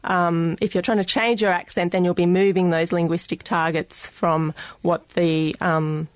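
Aussie lady guest on a radio show, lowish voice, lots of ums, dry studio. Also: little pitch movement, dry recording. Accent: Australian. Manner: measured, with frequent filler pauses. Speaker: guest expert on the voice.

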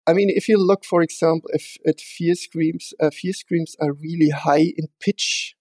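A man being interviewed about his research, speaking in a measured way with frequent fillers and restarts. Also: a little high, fairly even intonation, darkish tone, no room sound.

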